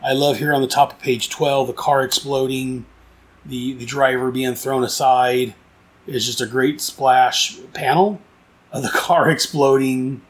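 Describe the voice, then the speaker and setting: A man's voice: mid-range voice, steady tone, a little slow. A man casually reviewing a comic book, rambling and enthusiastic, with frequent restarts and fillers.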